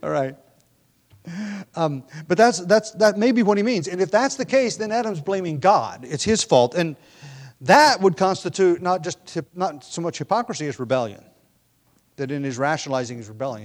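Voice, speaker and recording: A man's voice: on the high side, lively intonation, normal speed. A man preaching a sermon in a conversational way, thinking aloud and acting out quoted lines.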